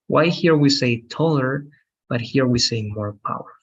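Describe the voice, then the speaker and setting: A man teaching an English lesson, encouraging and patient, slowing down to model how words are stressed. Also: medium pitch, husky. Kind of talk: online language lesson. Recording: dull lo-fi sound.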